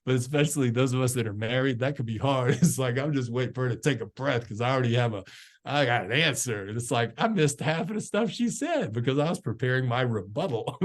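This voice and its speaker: A man's voice: mid-range voice, a little mellow. A man giving a motivational training talk over a video call, telling stories and asking many rhetorical questions. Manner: conversational storytelling, many rhetorical questions, says "man" often.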